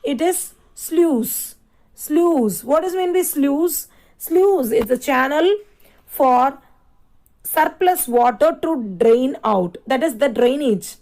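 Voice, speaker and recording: A woman's voice: high voice, darkish tone, poor audio. A woman teacher, giving a lesson and repeating and spelling words out aloud for children. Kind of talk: classroom lesson.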